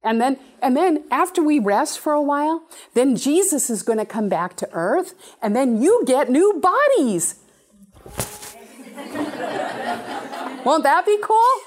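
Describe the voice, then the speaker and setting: A woman preaching a sermon in an animated, playful way, with sudden high exclamations. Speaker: speaker giving a talk.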